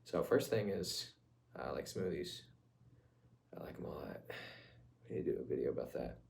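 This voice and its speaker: A man's voice: extremely low pitch, animated, normal speed, vocal fry, darkish tone. A young man chatting to the camera in a casual vlog, rambling and laughing often, sometimes dropping into a whisper. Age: young adult. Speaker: vlogger.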